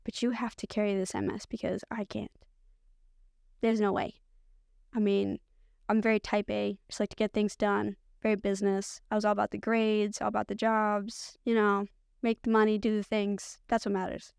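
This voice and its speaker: A woman's voice: medium pitch, gravelly, darkish tone, clean tone, no room sound, clean studio sound. A woman, a podcast guest, telling her own story candidly and loosely, with a lot of "like" fillers. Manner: candid, rambling, frequent "like" fillers. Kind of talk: personal storytelling.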